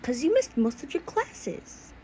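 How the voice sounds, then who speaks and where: A woman's voice: medium pitch, expressive, normal speed, mellow, a little hiss or hum, pitched above the performer's own voice, close to an everyday voice. A woman voicing a nervous, easily flustered male teacher in a read-aloud fan story.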